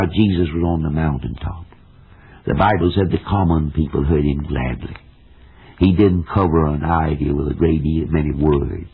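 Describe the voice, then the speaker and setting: A man's voice: sits low, gravelly, slightly rough. An older man with a Southern American accent preaching a radio sermon in a folksy, emphatic way, with plain homespun examples. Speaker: evangelist preacher. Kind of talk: old-time radio sermon. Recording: tinny, lo-fi vintage radio recording.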